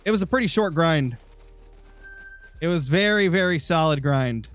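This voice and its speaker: A man's voice: fairly high pitch, expressive, moderate pace, a bit bright. A young man streaming a hunting game, chatting casually and answering viewers while nursing a sore, dry throat. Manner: chatty, answering chat messages. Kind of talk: live gaming stream commentary.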